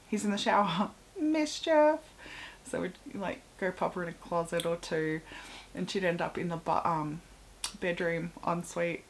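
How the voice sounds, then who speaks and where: A young woman with an Australian accent telling personal stories in a casual, chatty way, full of fillers and often sinking into a soft, breathy half-whisper. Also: fairly low pitch, slight background noise, rough recording. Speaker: vlogger.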